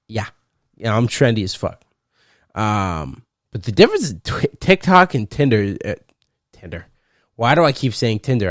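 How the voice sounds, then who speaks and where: A young man hosting a solo podcast, rambling and cursing playfully, breaking into loud laughs. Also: on the low side, no echo, studio quality. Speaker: podcast host. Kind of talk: casual solo podcast rant.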